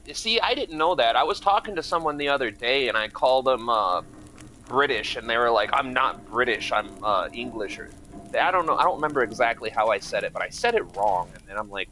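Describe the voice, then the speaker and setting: Streaming a game, this Michigan man talks casually with his viewers, wandering from topic to topic and calling out people by name. His mid-range voice sounds pushed and bright over slight background noise.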